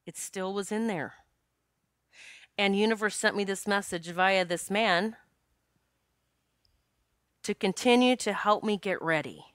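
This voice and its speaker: Female podcast host, candid storyteller, bright crisp voice, dry close sound, curses freely. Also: medium pitch, unhurried, long pauses, no echo. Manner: frank and animated, swears and laughs often.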